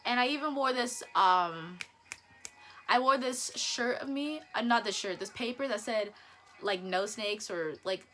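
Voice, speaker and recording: A teenage girl talks straight into her phone camera for a casual storytime vlog. She's animated and chatty and stumbles through restarts and giggles. Her voice is bright and sits a bit high. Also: a little slow, faint music behind. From northern Virginia, US. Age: teens. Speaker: vlogger.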